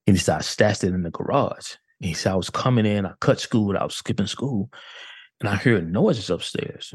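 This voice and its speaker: A man's voice: sits low, breathy edge, dry recording, studio quality. A man, a detective, telling a case story in a casual way and acting out what people said. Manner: animated retelling with quoted dialogue. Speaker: detective guest.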